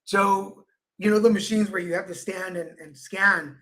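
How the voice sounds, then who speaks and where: A man's voice: sits high, steady tone, normal speed, a bit bright. A man co-hosting a casual livestream chat show, telling stories and acting out the people in them. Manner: chatty storyteller, acts out quoted people. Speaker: co-host.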